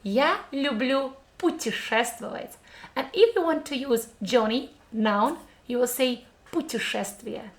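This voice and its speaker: Slow-spoken woman with a Russian accent. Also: fairly high pitch. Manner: slow, careful, encouraging, repeats words for drilling. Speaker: Russian language teacher. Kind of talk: pronunciation lesson to camera.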